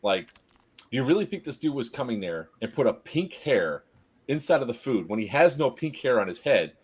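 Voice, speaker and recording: A man's voice: mid-range voice, sing-song, fairly quick, husky. A man telling a story in casual chat, acting out the quotes and laughing often. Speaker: podcast host telling a story.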